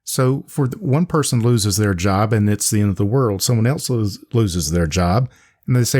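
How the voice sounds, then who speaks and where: A man hosting a radio interview, asking questions in a relaxed way with fillers. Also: medium pitch, moderate pace. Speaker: radio host.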